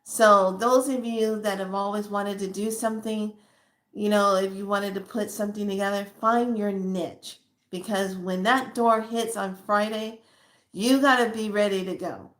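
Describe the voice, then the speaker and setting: A woman's voice: medium pitch, steady tone, unhurried, fairly bright tone. A woman hosting a spiritual channel, talking casually and emphatically to her viewers with a preachy edge and spontaneous asides. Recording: echoey room.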